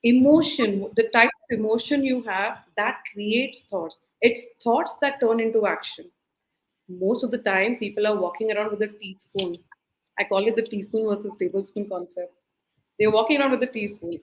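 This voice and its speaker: A woman's voice: mid-range voice, normal speed, roomy sound, a little hiss or hum, rough recording. A woman, a life skills coach, giving earnest parenting advice over a video call and acting out quoted voices. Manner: animated, acts out quoted voices, repeats key phrases. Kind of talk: earnest advice talk in a live-streamed interview.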